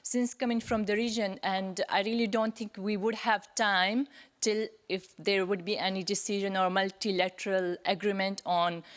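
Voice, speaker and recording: Lady asking the panel a question from the floor, earnest, keeps restarting, says sorry a lot. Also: medium pitch. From Pakistan. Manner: earnest, apologetic, with many restarts and pauses. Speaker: audience member asking a question.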